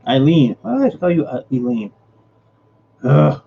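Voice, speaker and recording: A man's voice: a little high, big pitch swings, unhurried, gravelly, highs cut off, a little hiss or hum. A man hosting a casual livestream, greeting viewers by name and muttering while he fixes his setup. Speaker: livestream host. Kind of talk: casual live-stream chat.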